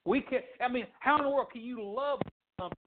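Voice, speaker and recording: A man preaching a fiery sermon as pastor, swinging from shouts to low, quiet lines. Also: quick pace. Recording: tinny phone-like sound.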